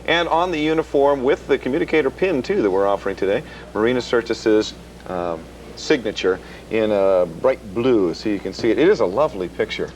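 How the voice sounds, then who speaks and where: A man hosting a TV shopping show, pitching items and interviewing a guest, with many uhs. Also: fairly quick, a little mellow, a little hiss or hum. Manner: smooth salesy, fills with uh. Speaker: TV shopping host. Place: TV shopping studio.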